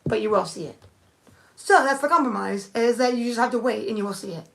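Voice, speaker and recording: A woman's voice: fairly high pitch, a little fast, gravelly. A young woman thinking aloud in a rambling, casual live-stream chat, answering viewers with many restarts. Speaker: nail art streamer.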